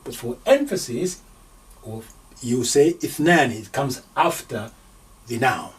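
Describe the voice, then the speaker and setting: Slow, lively man teaching grammar. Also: mid-range voice, recorded from a distance. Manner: slow, deliberate, sounding out syllables. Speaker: Arabic teacher. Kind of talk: grammar lesson at a whiteboard.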